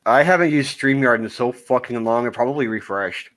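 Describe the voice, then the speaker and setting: A man's voice: medium pitch, brisk, a bit bright. A man co-hosting a casual livestream, laid-back, with the odd curse. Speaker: livestream co-host.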